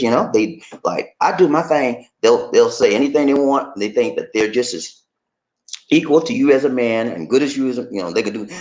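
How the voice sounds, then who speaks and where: A middle-aged American man hosting a casual talk, jokey and animated, often jumping into a high excited voice. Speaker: channel host.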